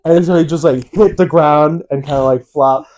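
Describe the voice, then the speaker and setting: A young man co-hosting a casual chat, telling stories with animated, acted-out quotes. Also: fairly high pitch, normal speed. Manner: animated, acts out quotes in a raised voice. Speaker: co-host.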